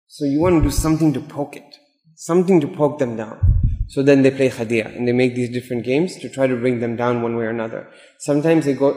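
Male preacher, chatty delivery with acted-out quotes, mid pitch, reverberant hall. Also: darkish tone. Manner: conversational, acts out quoted voices. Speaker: imam giving a talk. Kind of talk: sermon with anecdotes. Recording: echoey hall.

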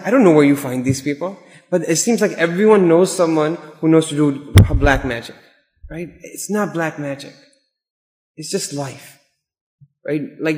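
A man's voice: on the high side, a little mellow. A man giving a conversational sermon, acting out quoted voices as he tells anecdotes. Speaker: imam giving a talk. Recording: echoey hall.

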